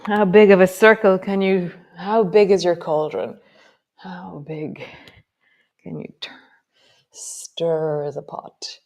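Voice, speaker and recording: A woman teaching a yoga class, giving calm, slow movement cues with soft trailing words. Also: fairly low pitch. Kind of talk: guided yoga class instruction.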